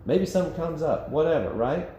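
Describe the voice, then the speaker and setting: A man's voice: a little high, animated, a little fast, dark tone. A man leading a church Bible study in a casual, conversational way, acting out quotes and laughing often. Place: church meeting room. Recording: echoey room with faint background noise.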